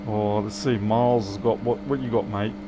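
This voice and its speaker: A man's voice: fairly low pitch, fairly even intonation, moderate pace, background noise. A man, a repair technician bantering with viewers and muttering to himself while he works on a live stream.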